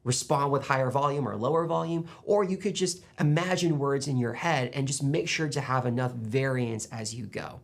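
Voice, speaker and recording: Gravelly-voiced man coaching public speaking. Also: medium pitch, moderate pace, few pauses. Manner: coaching, animated, demonstrates loud and soft delivery. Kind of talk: instructional talk to camera.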